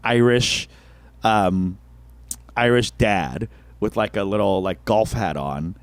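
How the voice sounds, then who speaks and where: A man co-hosting a comedy podcast, telling a story in an animated way with frequent laughs and casual swearing. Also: on the low side, slow pace, no echo. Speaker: podcast co-host, stand-up comedian.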